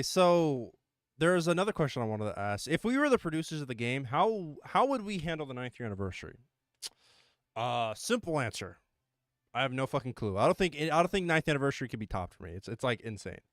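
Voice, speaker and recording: A man's voice: medium pitch, dry recording, clean studio sound. A man hosting a livestream, chatting casually and animatedly about a mobile game, swearing and laughing often. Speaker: livestream host. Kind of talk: casual gaming chat.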